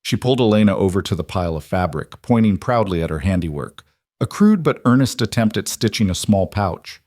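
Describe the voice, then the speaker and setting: A man narrating a scripted frontier story in an even, measured way. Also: on the low side, no room sound, clean studio sound.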